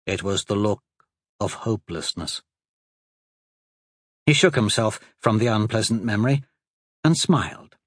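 Unhurried man narrating a fantasy audiobook. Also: mid-range voice, husky, dry recording, studio quality. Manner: expressive, unhurried reading.

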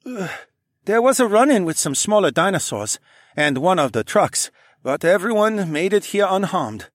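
A man's voice: sits high, big pitch swings, moderate pace, no echo, studio quality, voice pushed up. A man voicing a tired young man giving a plain report in an audiobook. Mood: weary.

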